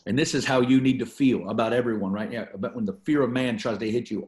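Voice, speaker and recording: A man's voice: mid-range voice, steady tone, quick pace, a little mellow, echoey room. A man teaching a Bible study, reading scripture aloud and preaching on it with repeated phrases for emphasis. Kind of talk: teaching sermon.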